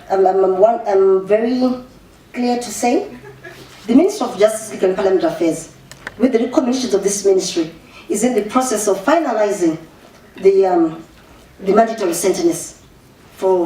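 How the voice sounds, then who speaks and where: A Zimbabwean woman official giving an animated public speech, mixing English with Shona and restarting her sentences often. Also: medium pitch, normal speed. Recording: echoey room, voice far from the mic, faint ambience.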